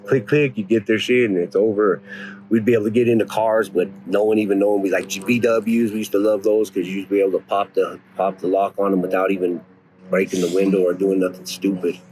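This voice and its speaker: A man in his forties from North Denver, telling rough stories from his past in casual, profane street slang. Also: lowish voice, level tone, a little fast, a little mellow, a little hiss or hum. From North Denver, USA. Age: 40s. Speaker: interviewee. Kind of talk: casual storytelling.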